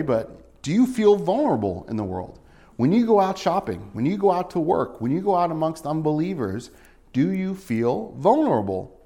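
A middle-aged man preaching a sermon in a conversational, folksy way, with homey asides and rhetorical questions, and a hushed, earnest tone when praying. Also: mid-range voice. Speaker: pastor.

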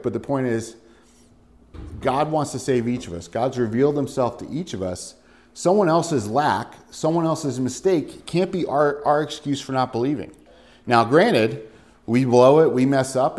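A man working through a scripture passage as a teacher, reading verses aloud and acting out the quoted voices with rising emphasis. His voice sits at an ordinary middle pitch. Between readings he talks plainly, with frequent "right?" and "you know" asides. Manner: reads scripture aloud with lively, animated quoting of voices. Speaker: pastor. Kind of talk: expository Bible teaching.

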